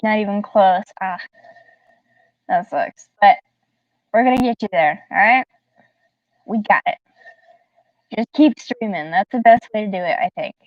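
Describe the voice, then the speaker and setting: A livestreamer from the Southern United States chats casually with her viewers, giggling often and addressing the chat directly. Her medium-pitched voice has lively intonation, and she talks a little slowly with frequent pauses. A distant, dull, dry mic picks her up with no echo.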